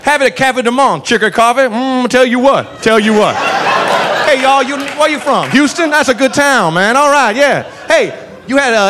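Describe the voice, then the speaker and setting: A huge, unflappable Southern cop chats away in a cheerful Southern drawl, voice pitched high and bouncing, as a comedian puts him on. The talk sits over a faint crowd murmur. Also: male voice, fairly bright tone, heavily acted. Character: big jaunty Southern cop, genial and unflappable.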